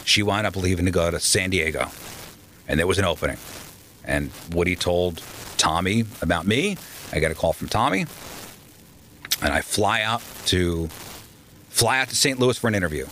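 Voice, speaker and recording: A man's voice: sits low, moderate pace, pauses often, a little hiss or hum, rough recording. A man telling a long story in a casual interview, acting out the people he quotes. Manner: animated storyteller, acts out quoted voices. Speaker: radio host guest.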